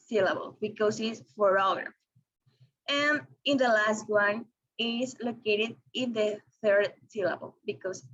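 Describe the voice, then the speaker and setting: A young woman whose first language is Spanish presents an English lesson slowly and deliberately, with small restarts along the way. Her voice sits a little high. The recording sounds dull and lo-fi. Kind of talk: read-aloud lesson presentation.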